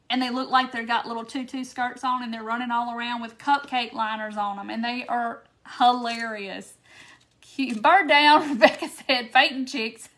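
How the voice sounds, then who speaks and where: A woman's voice: on the high side, a bit bright. A woman hosting a live craft tutorial, chatty and laughing often as she reads viewer comments by name. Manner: giggly, keeps breaking into laughter. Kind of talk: casual live-stream chat.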